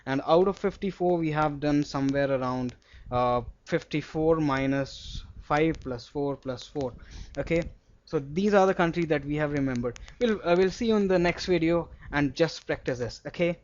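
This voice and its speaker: A man's voice: a little high, normal speed, darkish tone, a little hiss or hum. A young man with an Indian English accent teaching geography to a class in a classroom. He asks playful questions and mixes Hindi with English. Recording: dull lo-fi classroom recording.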